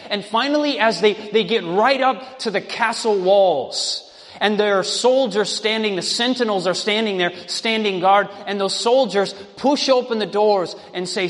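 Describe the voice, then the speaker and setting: A male preacher telling a story in a sermon, in a dramatic, drawn-out way. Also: sits high, fairly bright tone. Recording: long reverb.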